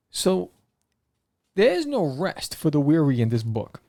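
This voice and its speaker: A man hosting a podcast, rambling excitedly through a comic book review with lots of fillers. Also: medium pitch, unhurried, vocal fry, no room sound, clean studio sound.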